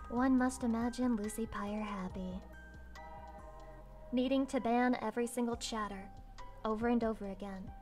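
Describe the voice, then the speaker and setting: A woman's voice: fairly high pitch, a bit bright. A young woman livestreaming, chatting casually with her viewers in a crude, playful, rambling way. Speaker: streamer. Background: faint music.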